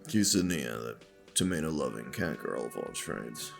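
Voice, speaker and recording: A woman putting on a deep, gruff male detective voice with a mock British accent. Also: lively intonation, moderate pace, faint music behind, exaggerated voice. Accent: put-on British.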